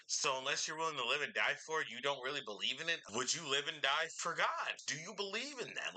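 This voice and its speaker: A man's voice: fairly high pitch, big pitch swings, quick pace, few pauses. A man reacting to a debate clip in casual commentary, exasperated and swearing, talking into a microphone. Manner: exasperated, swearing, loud outbursts. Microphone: studio microphone.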